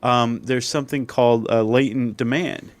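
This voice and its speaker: A man's voice: mid-range voice, fairly even intonation, normal speed, dry recording. A man co-hosting a casual podcast chat, explaining ideas with dry sarcasm. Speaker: podcast co-host.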